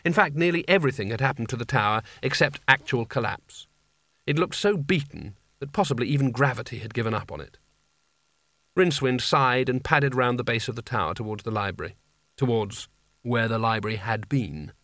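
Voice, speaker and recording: A man doing scripted audiobook narration in a measured, wry storytelling manner. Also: medium pitch, a bit bright, no room sound.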